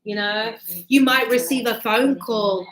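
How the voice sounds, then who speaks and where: A woman's voice: a little high, fairly even intonation, a little slow, a bit bright, roomy sound. A middle-aged woman teaching a grammar lesson to a class, acting out little scenes with voices as examples. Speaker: English teacher.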